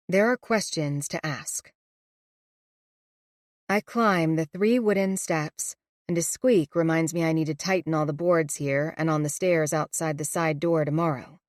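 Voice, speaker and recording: A woman narrating a first-person audiobook in a measured, reflective way on a close studio mic. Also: lowish voice, no room sound.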